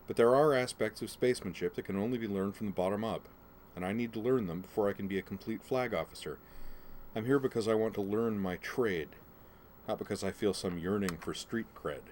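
A man's voice: fairly low pitch, a little mellow, slight background noise, close to an everyday voice. A man reading aloud, voicing a confident young woman officer who speaks bluntly and with determination. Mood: determined. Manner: brisk, frank, determined.

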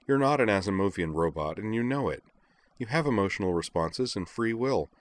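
Male reader doing a sharp-tongued, furious young woman, pushed higher. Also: lively intonation, brisk, lightly acted. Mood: scolding. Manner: heated, scolding. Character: angry, forceful young woman confronting a friend.

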